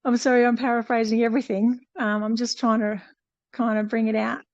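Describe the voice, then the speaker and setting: A woman's voice: fairly high pitch, little pitch movement, a little fast, no echo, lo-fi sound. A woman casually retelling a faith story to a fellowship group, rambling with many fillers and restarts. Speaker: fellowship participant.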